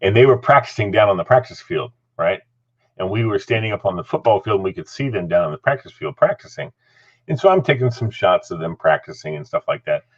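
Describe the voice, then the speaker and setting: A middle-aged man hosting a relaxed talk show, spinning a story with a lower voice that rises and falls a great deal. He laughs often as he goes, and the recording sounds dull and lo-fi. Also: fast. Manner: animated, laughing, acts out voices. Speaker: host. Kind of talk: casual storytelling chat.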